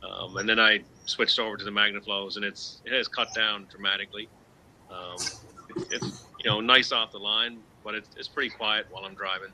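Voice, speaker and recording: A man with a low voice and a sharp, tense brightness gives simple answers about his exhaust setup. He hesitates at times, and a faint noise sits underneath. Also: steady tone, moderate pace, poor audio. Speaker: guest car owner. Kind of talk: casual live show chat.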